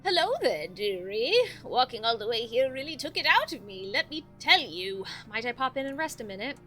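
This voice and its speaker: A woman's voice: fairly high pitch, lively intonation, normal speed, sharp tone, faint music behind. A woman voicing a sassy old grandmother who wheedles to be let in, with folksy old-timey phrasing. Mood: wheedling.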